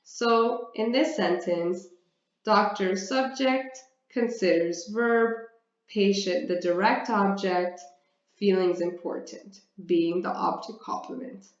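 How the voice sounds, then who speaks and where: A woman teacher from Canada works through a grammar lesson at an unhurried pace, asking questions and answering them herself. The recording has a roomy echo and a slightly dull, muffled tone. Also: medium pitch. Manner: deliberate, explains step by step, often asks and answers her own questions. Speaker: English teacher. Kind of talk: slow, careful grammar lesson.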